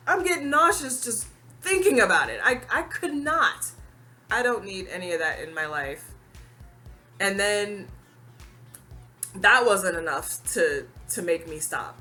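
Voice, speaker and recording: A young adult woman telling a casual storytime vlog, animated and expressive, quick to laugh and acting out what people said. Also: on the high side, faint music behind.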